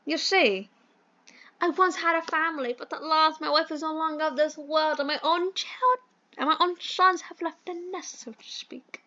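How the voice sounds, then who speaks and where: A woman puts on a grandly pompous British gentleman from a phone dating game, all flowery speeches and fussy manners. The voice is high and bright, and it comes through a muffled, low-fi mic. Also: moderate pace. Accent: put-on British. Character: fussy old-fashioned British gentleman, a phone box employer. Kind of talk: voicing a dating sim playthrough.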